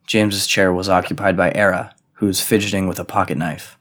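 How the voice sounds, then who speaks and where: A man narrating an audiobook in a measured, even reading. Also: deep voice.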